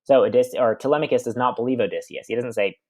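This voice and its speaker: A man's voice: medium pitch, fast talker, mellow, dry recording. Teacher type, young man, reads then paraphrases loosely, chatty filler-laden explanations. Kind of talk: reading aloud and explaining a text.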